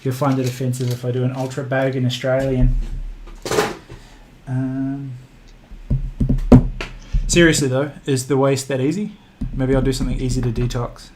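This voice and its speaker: A man's voice: medium pitch, little pitch movement, moderate pace, long pauses. A man with a New Zealand accent hosting a livestream, chatting casually and joking at his own expense while he works on a model kit. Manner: joking, self-mocking. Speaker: livestream host. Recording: clear background noise.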